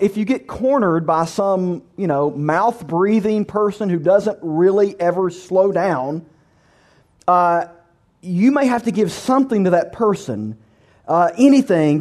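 Higher-voiced male pastor preaching. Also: lively intonation, a little slow, a little mellow. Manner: conversational and humorous, with vivid storytelling. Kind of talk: sermon.

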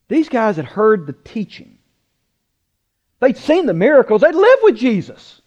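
A man preaching a sermon, emphatic, asking rhetorical questions and slowing down to stress words. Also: very high-pitched, lo-fi sound. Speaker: pastor.

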